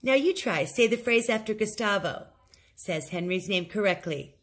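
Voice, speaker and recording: A woman teaching an English lesson, modeling set phrases slowly and clearly for learners to repeat. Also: mid-range voice, expressive. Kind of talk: recorded language lesson.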